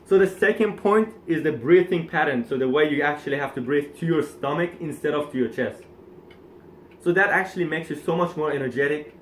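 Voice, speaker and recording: A man co-hosting a coaching talk, calmly summarizing and explaining points in casual instructional speech. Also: a little high, fairly quick, slight background noise. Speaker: co-host coach. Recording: echoey room.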